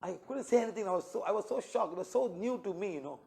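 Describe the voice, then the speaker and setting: A man's voice: sits high, expressive, fast talker, creaky, warm tone. A man teaching a healing workshop, lecturing an audience and checking in with "okay?" as he retells clients' words. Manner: retells clients' words in short quoted exchanges.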